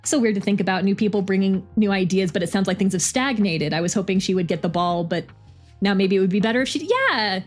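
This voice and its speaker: A woman's voice: medium pitch, animated, fast talker, soft background music. A young adult woman streamer musing aloud in a chatty, filler-heavy way between story readings.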